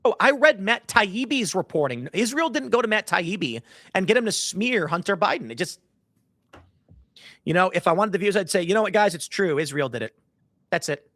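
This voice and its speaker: A man's voice: high-pitched, big pitch swings, normal speed, bright, forceful tone, dry recording, clean studio sound. A man in his thirties hosting a livestream, rambling casually and reading chat aloud with joking mock voices. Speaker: livestream host.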